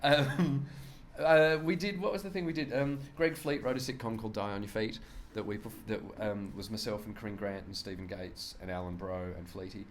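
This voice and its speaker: A comedian, telling lively anecdotes in a casual interview, often laughing and acting out voices. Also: male voice, fairly low pitch, a little fast, hardly any pauses, slight background noise. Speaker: comedian guest. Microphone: shared handheld microphone.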